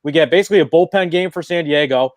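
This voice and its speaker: A man's voice: on the high side, fast, no echo. A man giving baseball betting picks in a blunt, confident way, swearing casually.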